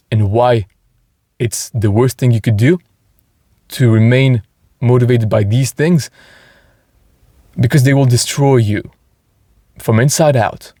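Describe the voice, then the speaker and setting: A man's voice: medium pitch, mellow, dry recording, clean studio sound. A man hosting a motivational podcast, talking earnestly and enthusiastically, with frequent restarts. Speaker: podcast host.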